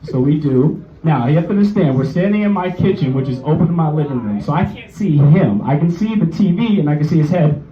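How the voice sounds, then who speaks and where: Man in his twenties, stand-up comic, high voice, loose and profane, roomy bar stage, dull distant club recording. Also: animated, quick pace, hardly any pauses. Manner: loose, profane, laughing at his own story. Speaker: stand-up comedian. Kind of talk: stand-up storytelling. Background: crowd reactions.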